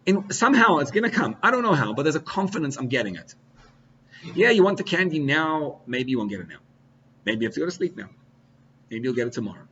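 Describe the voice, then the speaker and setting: A man giving a sermon as a rabbi, animated, swinging between loud outbursts and quiet asides, with Hebrew and Yiddish terms mixed in. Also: fairly high pitch, fast talker. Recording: slightly dull recording with faint hiss.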